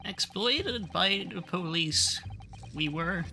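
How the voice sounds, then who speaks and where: A woman's voice: lowish voice, animated. A woman doing a stammering ruined old shopkeeper. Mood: bitter. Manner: dramatic, halting old man voice with stammers. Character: ruined, desperate old male shop owner. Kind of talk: reading a game aloud in character.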